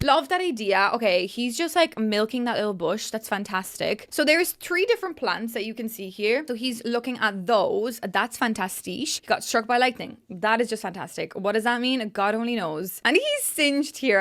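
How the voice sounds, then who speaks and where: A woman's voice: a little high, fairly bright tone. A young woman gushing through casual reaction commentary on a game trailer, chatty and full of fillers. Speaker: gaming YouTuber.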